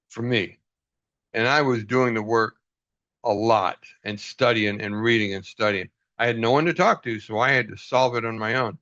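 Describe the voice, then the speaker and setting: An earnest man leading a group over a video call, his voice dull and lo-fi with little room sound. He speaks at a middling pitch, laughs often and acts out little exchanges as he tells a story. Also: fairly bright tone, no room sound. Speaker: group leader. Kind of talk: casual group talk.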